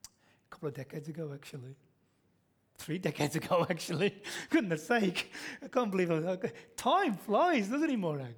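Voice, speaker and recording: A middle-aged pastor preaches a sermon in church, telling stories and asking the congregation questions he then answers himself. His voice is high and husky, very animated, at normal speed.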